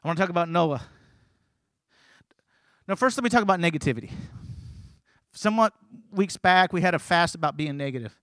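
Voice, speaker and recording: A man preaching a sermon at a church service, swinging between shouted, rhythmic lists and quiet, conversational asides. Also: a little high, expressive, fairly quick, pauses often, dry recording. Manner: repetitive, rhythmic phrasing. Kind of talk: sermon to a congregation.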